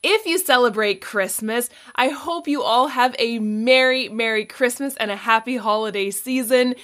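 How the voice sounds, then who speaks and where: Higher-voiced woman hosting a podcast. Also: moderate pace, a bit bright. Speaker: podcast host. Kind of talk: casual interview and sign-off.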